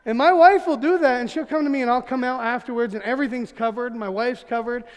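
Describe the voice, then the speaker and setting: A man preaching in a church, his fairly high voice carrying a long hall reverb. He tells funny stories in an animated way, acting out the quotes and laughing along as he goes. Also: quick pace, a little hiss or hum. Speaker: pastor. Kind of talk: humorous sermon storytelling. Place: church sanctuary.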